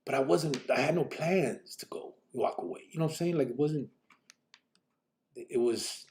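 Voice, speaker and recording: A man's voice: medium pitch, moderate pace, a little mellow, a little hiss or hum. A man telling his own story on a live podcast, blunt and profane, full of fillers. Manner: blunt, profane street talk with many fillers.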